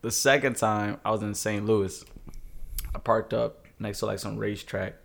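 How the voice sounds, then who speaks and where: Low-pitched male trucker, easygoing storyteller, laughs mid-story. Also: moderate pace, vocal fry. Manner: animated, laughs through his stories. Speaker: podcast co-host, truck driver. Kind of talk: casual storytelling chat.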